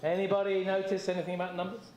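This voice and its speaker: A man's voice: high voice, completely flat delivery, very fast, darkish tone. Chatty man leading a group seder. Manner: chatty, encouraging, joking. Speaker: seder leader. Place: community hall or synagogue. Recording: echoey room.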